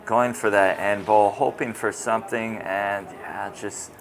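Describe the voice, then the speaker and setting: A man co-commentating a live surf contest, easygoing and relaxed in his analysis. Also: on the low side, unhurried, vocal fry, rough recording. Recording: noticeable background noise.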